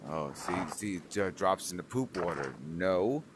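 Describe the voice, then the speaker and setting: A man's voice: deep voice, lively intonation, a little slow, heavy background noise. A young man giving casual gameplay commentary, swearing a lot and grumbling at the game in frustration. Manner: frustrated, profane, talks to the game. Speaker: gaming streamer.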